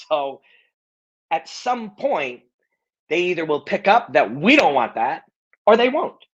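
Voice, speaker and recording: A middle-aged man with a fairly high, sing-song voice and a breathy edge takes his time, heard through dull audio. Hosting a live Q&A show, he delivers a casual monologue bluntly and emphatically, cursing freely and repeating his points.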